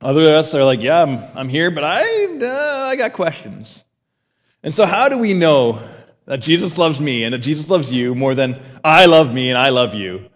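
A man's voice: medium pitch, animated, brisk, big-room sound, muffled recording. A man preaching a conversational sermon as pastor, repeating a key phrase and having the congregation say it back.

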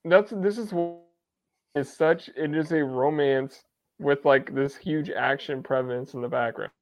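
Halting male podcast co-host, dry sound. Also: a little high, no room sound, soft background music. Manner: halting, restarts his sentences. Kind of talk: casual movie podcast chat.

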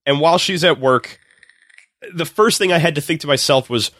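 A man on a comedy podcast, retelling a movie with lots of laughs and quick acted-out voices. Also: fairly high pitch, no echo. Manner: animated storytelling, acts out characters in quick voices, laughs often. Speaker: podcast guest recapping a movie. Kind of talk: casual comedic podcast chat.

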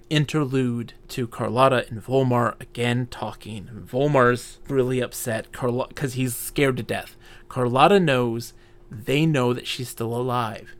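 A man co-hosting a podcast, casually retelling a fantasy novel in an animated way with many fillers. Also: medium pitch, vocal fry. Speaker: podcast co-host. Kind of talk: casual book discussion.

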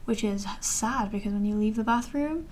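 Young woman, 19, fairly high voice, casual rambling vlog, self-deprecating. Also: moderate pace, darkish tone, a little hiss or hum. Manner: chatty, self-deprecating, many fillers and asides. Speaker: vlogger.

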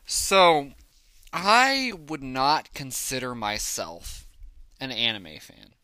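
Bright-toned man rambling about films. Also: mid-range voice, wildly swooping pitch, takes it slowly, clean tone. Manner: enthusiastic, rambling, lots of fillers. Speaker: podcast host. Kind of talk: casual solo film review.

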